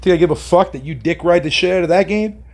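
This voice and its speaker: A man's voice: sits high, fast talker, creaky. A young man from Canada chatting on a live stream, reading his chat aloud with profane, mocking banter.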